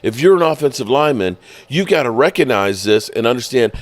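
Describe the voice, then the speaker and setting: A man hosting a sports podcast, casually explaining football plays in an animated, profane way. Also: medium pitch, brisk, hardly any pauses, no echo. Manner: animated, explanatory, swears freely.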